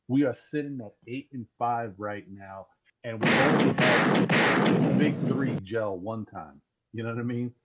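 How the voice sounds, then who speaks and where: A man calling in to a live sports talk show over a voice chat, talking excitedly and rambling, often repeating words as he restarts. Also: medium pitch, unhurried, very noisy. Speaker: caller. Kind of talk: casual call-in sports talk. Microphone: Discord voice call. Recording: dull lo-fi call audio.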